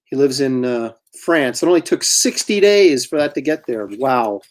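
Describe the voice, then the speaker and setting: Drawing as he talks, a middle-aged man who works as a comic artist rambles along in a self-deprecating way, chuckling frequently. His mid-range voice is expressive and moves at a normal speed.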